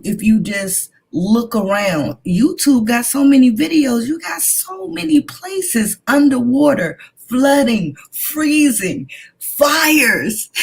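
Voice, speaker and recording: A woman with a husky, slightly higher voice speaks in a religious discussion. She talks slowly and fervently, with open excitement. Her delivery is unhurried throughout.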